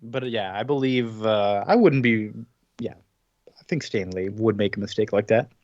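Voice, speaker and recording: A man's voice: lowish voice, moderate pace, a little mellow, dry recording, highs cut off. A man co-hosting a podcast, casually retelling a comic story with a rambling delivery and frequent laughs. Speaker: podcast co-host. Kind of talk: casual chat recapping a comic.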